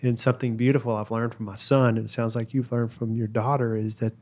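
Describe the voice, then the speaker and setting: A man co-hosting a podcast conversation, telling a thoughtful story with pauses and restarts. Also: medium pitch, flat delivery, darkish tone. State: father of a toddler. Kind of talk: casual conversation.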